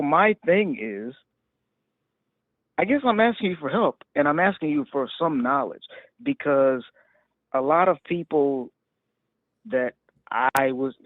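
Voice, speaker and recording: A man's voice: a little high, no echo. Male caller from Arizona, hesitant, stammering, tinny phone line, dry. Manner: hesitant, stammering, laughs nervously. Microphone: phone call.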